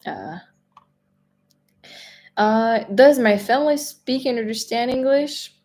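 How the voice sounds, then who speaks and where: A native French speaker from France hosts a casual live stream chat, her accent clear as she reads viewer questions aloud. Her voice is fairly high, animated, slow, and a little mellow, and she chats freely, laughs often, and keeps repeating words and restarting.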